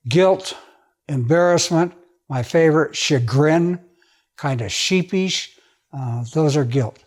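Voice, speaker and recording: A man giving an informal talk to an audience, explaining step by step in a conversational way, often checking in with a quick "okay?" as he moves around. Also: medium pitch, a little mellow. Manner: moves around while talking. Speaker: speaker giving a public talk. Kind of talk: informal lecture. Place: library event room.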